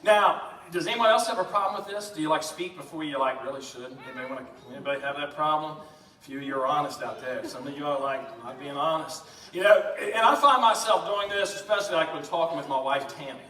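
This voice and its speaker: A man preaching a lively, joking sermon in a church, talking fast and addressing the congregation. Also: on the high side. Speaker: pastor. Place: church sanctuary. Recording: echoey church from a distance.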